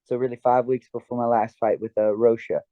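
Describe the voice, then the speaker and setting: A man's voice: medium pitch, level tone, brisk, no room sound. A man as a guest in a casual interview chat, talking in an earnest, reflective way. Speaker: guest, karate fighter and dojo owner. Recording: dull lo-fi dry sound.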